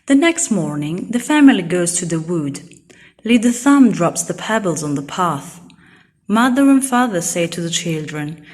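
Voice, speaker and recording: A woman reading a children's storybook aloud in a clear, simple way for young learners. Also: on the low side, big pitch swings, unhurried. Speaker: storybook reader.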